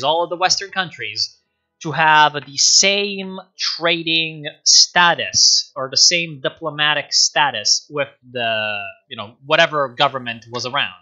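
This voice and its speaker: A man talks history on a live stream, rambling and sardonic, with a lot of filler words. His voice is sharp and very bright. The audio is dull and lo-fi, with faint music underneath. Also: on the high side.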